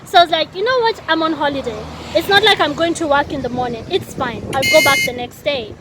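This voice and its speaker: A woman from Kenya telling a story in a casual vlog, chatty and animated, laughing often, recorded outdoors by a busy road near the sea. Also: sits high, fairly quick. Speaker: vlogger. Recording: noisy outdoor street ambience.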